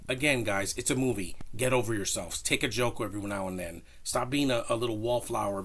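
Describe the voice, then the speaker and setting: A man giving a casual, rambling spoken film review, opinionated and animated. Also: medium pitch. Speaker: movie reviewer.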